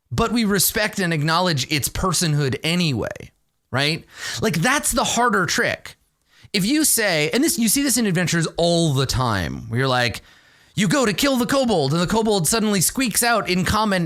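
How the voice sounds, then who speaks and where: Animated man explaining game mastering. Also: high voice, moderate pace. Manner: animated, ends points with "right?". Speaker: game master advice host. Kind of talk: casual explanatory talk.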